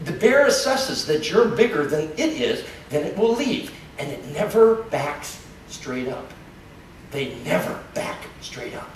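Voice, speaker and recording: A man giving a playful, joking live lecture about wildlife in a large hall, recorded from far off. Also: on the high side. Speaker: nature lecturer. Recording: echoey hall from far off, noisy.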